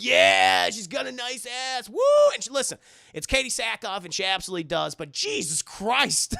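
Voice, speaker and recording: A man recapping a movie to his chat in a rambling, crude, animated way. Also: high voice, vocal fry, dry recording, clean studio sound. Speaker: streamer.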